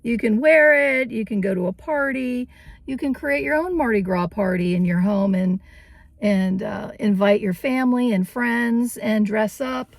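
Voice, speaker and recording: A woman vlogger chatting cheerfully about her vintage finds, giggling often. Her voice sits a little high with a gravelly fry, and she takes her time over every phrase. The sound is close and dry. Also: a little slow, dry recording. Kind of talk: casual vlog chat.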